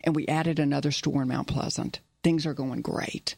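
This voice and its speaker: A woman's voice: deep voice, fairly even intonation, normal speed, creaky, darkish tone, slightly rough, no room sound. A middle-aged woman telling her life story in an interview, earnest and repeating key phrases. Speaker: business owner guest.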